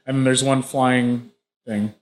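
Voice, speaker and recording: Male game master, mid-pitched voice, vivid play-by-play narration. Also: level tone, measured pace. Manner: vivid play-by-play with frequent restarts.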